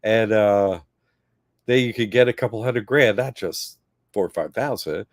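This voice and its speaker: A man co-hosting a casual livestream chat, telling stories with lively quoted voices and laughs. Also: lowish voice, measured pace, dry recording, clean studio sound. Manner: animated storytelling, acting out quoted voices with laughs. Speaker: co-host.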